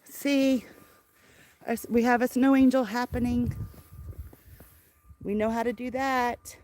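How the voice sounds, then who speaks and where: A woman's voice: on the high side, steady tone, unhurried, a little mellow, slight background noise. An older woman chatting on a live stream outdoors in the snow, doting on her grandchild and laughing often, filmed on a handheld phone. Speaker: livestream host. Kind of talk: casual live stream chat. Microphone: phone camera held by hand.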